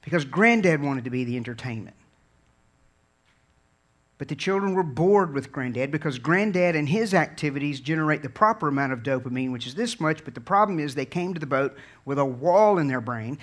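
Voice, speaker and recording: A man from Virginia preaching a sermon in an earnest, conversational way, dropping low and quiet and then building to fervent peaks. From Virginia, USA. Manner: conversational storytelling with repeated words and restarts.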